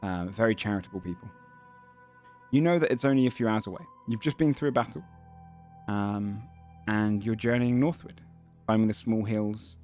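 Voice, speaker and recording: A man narrating a tabletop fantasy game as game master, halting with frequent ums and self-corrections. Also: on the low side, darkish tone, soft background music.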